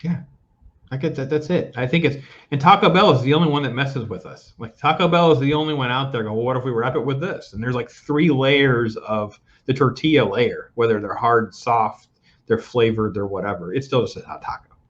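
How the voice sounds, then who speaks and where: A man's voice: mid-range voice, moderate pace, a bit bright, dull audio. An older man hosting a talk show, ranting about food in a casual, joking way. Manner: opinionated, joking rants. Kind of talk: casual chat.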